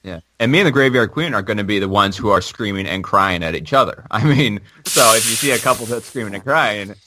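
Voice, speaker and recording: A man's voice: on the low side, animated, a little fast, background noise. A man hosting a casual podcast chat, hesitant and full of fillers as he leads the talk. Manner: hesitant, many fillers and restarts. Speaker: podcast host.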